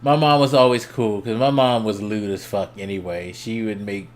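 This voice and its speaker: A young adult man streaming, telling a story casually, swearing freely and laughing as he goes, his voice jumping up when he gets excited. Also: mid-range voice, measured pace. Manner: laughs between lines.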